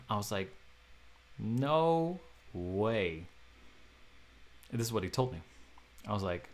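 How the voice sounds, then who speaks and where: A man hosting a vlog who tells a story in an animated way. He acts out the quoted dialogue with big jumps in pitch and loudness, and he laughs often and mocks himself. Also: takes it slowly, pauses often. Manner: self-mocking, laughs often. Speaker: crypto video host.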